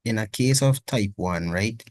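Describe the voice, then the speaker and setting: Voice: mid-range voice, measured pace, darkish tone, no room sound. A student in a classroom asking the teacher a polite, hesitant question.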